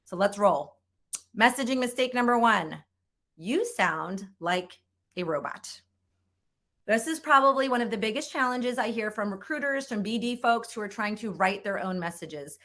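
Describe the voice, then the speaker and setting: A woman's voice: mid-range voice, expressive, normal speed, fairly bright tone. A middle-aged woman delivers a conference keynote as a sales trainer. Her delivery is upbeat and emphatic, and she drives points home by repeating them.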